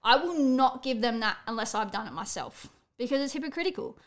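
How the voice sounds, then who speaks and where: Blunt, energetic woman coach. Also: on the high side, fairly quick. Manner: blunt, energetic, tells it how it is. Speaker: athletics coach and podcast host. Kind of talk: casual motivational podcast monologue.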